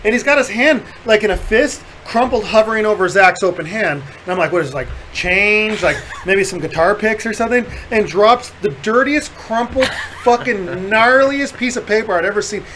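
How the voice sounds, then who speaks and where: A man hosting a podcast, telling a story in casual chat, animated and profane, often laughing as he talks. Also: high-pitched, normal speed, hardly any pauses, a little hiss or hum, rough recording. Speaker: podcast host.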